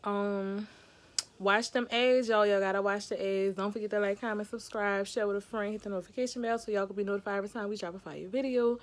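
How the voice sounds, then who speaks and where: A woman's voice: mid-range voice, fast. A woman, chatting casually to her viewers from bed. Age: 30s. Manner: chatty, relaxed, addresses viewers as y'all. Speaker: vlogger mom. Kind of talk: casual vlog talk to camera. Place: at home in bed.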